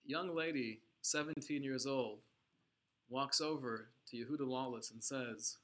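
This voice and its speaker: A man's voice: medium pitch, a little slow, fairly bright tone. A man teaching a religious class, telling a story dramatically and with emphasis, using Hebrew and Yiddish terms. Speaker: Torah teacher.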